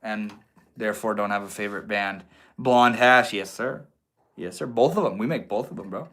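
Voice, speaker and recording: A man's voice: on the low side, moderate pace, fairly bright tone. A man from Maine hosting a casual livestream, reading and answering chat comments in a laid-back, slangy way, calling viewers homie and bro. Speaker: livestream host.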